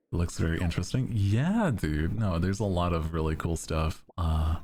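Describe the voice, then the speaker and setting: Deep slow-talking young male streamer. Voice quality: deep monotone. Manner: laid-back, giggly, reads chat aloud. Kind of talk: casual chat with chat.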